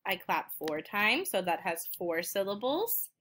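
A woman teacher reading each word slowly and twice, then clapping out the syllables. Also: medium pitch, very animated, background noise. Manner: slow, deliberate, repeats each word twice. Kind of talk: slow word-by-word reading lesson.

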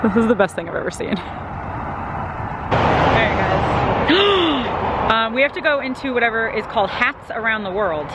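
A woman filming a giggly, excited travel vlog on her phone outdoors at a roadside attraction. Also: a little high, moderate pace, pauses often, very noisy. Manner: giggly, easily amazed, chatty. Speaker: vlogger. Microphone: phone camera held in hand.

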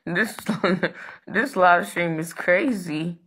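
A woman's voice: fairly low pitch, drawn-out words, sharp tone, slightly rough. A woman ranting on a live stream, brash and profane, taunting viewers and ordering her moderators around on a phone mic.

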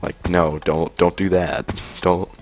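A man's voice: low-pitched, little pitch movement, takes it slowly, faint music behind. A man rambling through a story as he comments on gameplay, with lots of fillers, restarts and laughter. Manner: laughs often. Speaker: gaming video host.

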